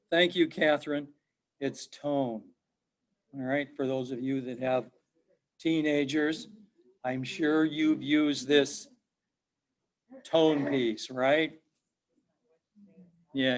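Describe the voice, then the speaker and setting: With a slightly high, somewhat bright voice, a middle-aged male professor delivers an online lecture. He keeps it conversational, says things more than once and puts questions to his students.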